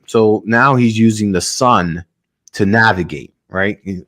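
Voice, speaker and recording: Guy on a podcast telling a wild story, lowish voice, lots of ums, swears casually. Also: normal speed. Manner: rambling, many fillers and casual swearing. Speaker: podcast host.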